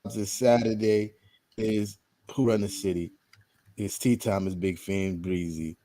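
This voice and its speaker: A man co-hosting a sports podcast, opening the show with a hyped, drawn-out intro. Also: lowish voice, little pitch movement, dark tone. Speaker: podcast co-host.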